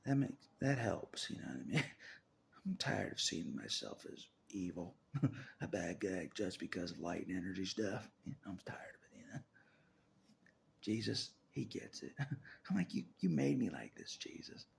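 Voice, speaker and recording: A man's voice: low voice, very animated, measured pace, gravelly, a little hiss or hum. A man talking on his own about faith, half-whispering and laughing often as he rambles in a restless, searching way. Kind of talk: rambling spiritual monologue.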